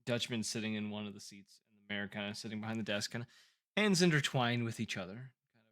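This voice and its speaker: A man's voice: on the low side, fast, fairly bright tone. A man narrating as game master in a live tabletop game, describing scenes loosely with many ums and kindas.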